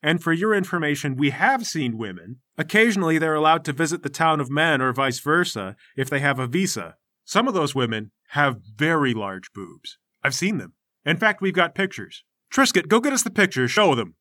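Guy doing a pompous teen boy leader, preachy, high bright voice, dry close mic. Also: sing-song, normal speed, no room sound, exaggerated voice. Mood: indignant. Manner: speechifying, self-important.

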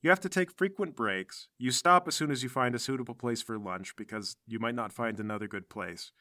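A man's voice: medium pitch, brisk, pushed and bright, no echo, clean studio sound. A man narrating as game master of a tabletop game, describing the scene steadily.

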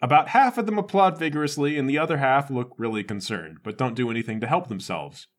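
A man narrating a tabletop game as game master, in a playful, animated way. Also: medium pitch, quick pace.

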